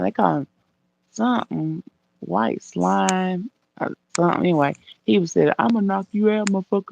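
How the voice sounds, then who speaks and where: High, gravelly man groaning in disgust. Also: darkish tone, dull audio, a little hiss or hum. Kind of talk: casual livestream chat.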